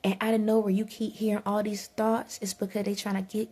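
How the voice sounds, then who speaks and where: Woman vlogger, flat delivery, gravelly texture, urgent and repetitive spiritual pep talk. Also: medium pitch, fairly quick, hardly any pauses. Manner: emphatic, repetitive urging, stumbles and restarts. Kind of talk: preachy spiritual advice monologue.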